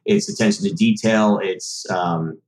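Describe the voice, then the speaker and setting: A man's voice: sits low, steady tone, measured pace, a little mellow. Man, 30s, from Massachusetts, podcast guest, rambling casual talk, roomy echo. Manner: chatty, rambling, with frequent fillers and restarts. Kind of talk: casual chat.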